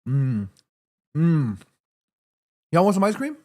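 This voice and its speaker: A man hosts a casual livestream from his room, reading out chat messages between bites. His voice sits slightly high and moves up and down a lot, and his throat is a little sore. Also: big pitch swings, slow, a little mellow. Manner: chatty, reads chat messages aloud, eats between lines. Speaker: livestream host. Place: home room.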